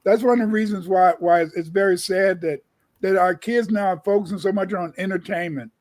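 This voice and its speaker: High-voiced man lecturing in a dry voice. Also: fairly even intonation, a little fast, darkish tone, dry recording. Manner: lecturing, repeats words as he restarts. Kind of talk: casual livestream discussion.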